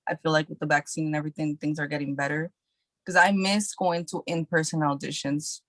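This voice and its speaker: A woman's voice: sits low, fairly even intonation, brisk, no room sound. A woman actress talking casually as a podcast guest, chatty and repeating herself with lots of fillers. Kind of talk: casual interview chat.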